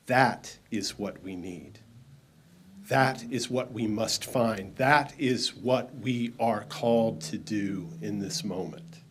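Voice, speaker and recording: A man preaching a sermon in a church, slow and measured, leading the congregation in call-and-response. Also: fairly low pitch, slight background noise. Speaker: minister. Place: church sanctuary.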